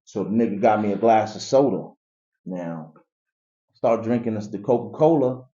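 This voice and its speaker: A man telling his life story in a casual interview, animated and acting out the people in it. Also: lowish voice, normal speed. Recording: echoey, dull room recording.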